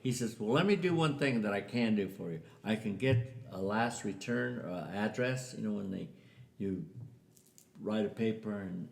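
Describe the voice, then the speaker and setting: A man's voice: on the low side, vocal fry, darkish tone. An older man telling a family story in a casual way, acting out the voices of the people in it. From US Southwest. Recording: echoey room.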